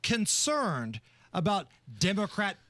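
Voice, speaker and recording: A sarcastic male talk radio host with a fairly high, bright and forceful voice. He laughs often and sounds close and dry in a studio booth. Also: wildly swooping pitch, takes it slowly, no room sound. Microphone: studio microphone.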